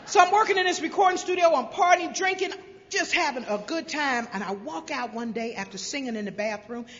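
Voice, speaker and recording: A woman from South Carolina tells her recovery story from a stage, bright and forceful, acting out voices with wry humor. The recording is dull and lo-fi, and long reverb hangs in the big convention hall. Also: high voice, brisk, slight background noise. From Greenville, South Carolina. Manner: lively storyteller who acts out voices with humor. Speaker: recovery speaker. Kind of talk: personal recovery story told to a crowd.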